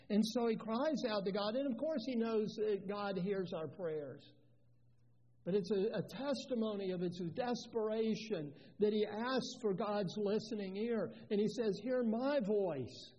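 Male pastor, deliberate sermon delivery, high and warm tone, lo-fi recording in a reverberant sanctuary. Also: slightly rough. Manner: earnest, emphatic preaching with repeated phrases. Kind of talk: expository sermon. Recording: dull lo-fi sound with long reverb.

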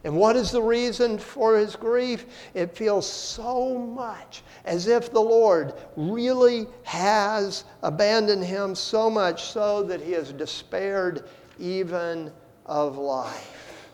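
Man, pastor, sermon, high voice, dramatic swings in loudness, long hall echo. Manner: slow, deliberate preaching with dramatic swings in loudness.

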